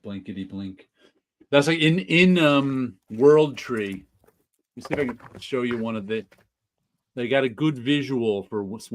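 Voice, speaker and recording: A man hosting a casual podcast chat about comics, talkative, laughing often and teasing his guests. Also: medium pitch. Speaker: podcast host.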